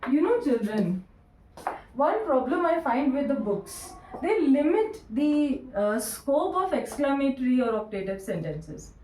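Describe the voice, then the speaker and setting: A woman with an Indian English accent teaching English grammar in a recorded lecture, encouraging her students and dictating answers slowly with repeats. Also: high voice, sing-song, a little mellow, far from the mic, a little hiss or hum. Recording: roomy echo, voice from away from the mic.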